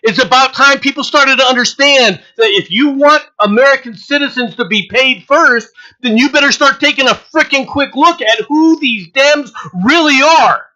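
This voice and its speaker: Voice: high voice, normal speed, sharp tone, dull audio. A political commentator ranting in a sarcastic, mocking way, hammering points home with repetition and scornful laughter. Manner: emphatic, repeats points over and over.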